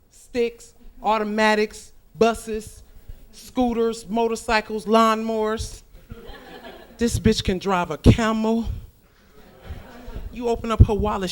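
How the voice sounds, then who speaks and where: A woman performs stand-up on a club stage, loud and brash, cursing freely as she riffs. She works the room with punchy, profane crowd work into a handheld stage mic. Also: fairly high pitch. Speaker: stand-up comedian. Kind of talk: stand-up comedy set.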